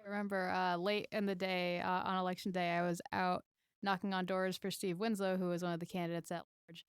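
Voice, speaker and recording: A woman's voice: lowish voice, little pitch movement, fairly quick, clear, resonant tone, dry recording, studio quality. A woman guest on a podcast, telling campaign stories in a chatty, rambling way with lots of fillers. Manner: chatty storyteller, many "like" fillers. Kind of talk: casual podcast chat.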